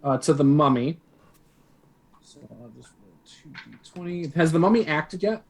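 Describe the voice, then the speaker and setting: A man's voice: fairly high pitch, expressive, moderate pace. A man playing in a tabletop game, hesitantly thinking aloud as he works out his turn. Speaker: player. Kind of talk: tabletop game play over a stream.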